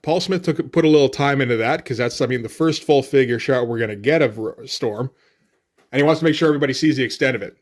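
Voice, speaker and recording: A man reviewing a comic book in casual solo commentary, relaxed and loose, swearing offhandedly. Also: mid-range voice.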